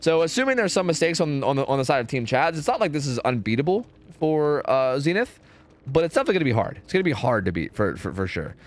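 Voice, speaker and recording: Male streamer-caster, casual and profane, slightly high and very animated pitch. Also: fast. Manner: loose, chatty and profane, thinking aloud. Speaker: streamer casting a match. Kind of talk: casual esports commentary.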